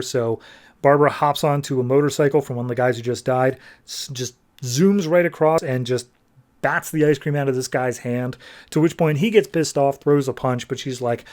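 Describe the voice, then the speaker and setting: A man on a podcast talks through a comic issue in a relaxed, conversational way. His pitch sits in the middle for a man. Now and then he slips into quick put-on voices for the characters. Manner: retells scenes, briefly voicing characters. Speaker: podcast host. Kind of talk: casual comic recap.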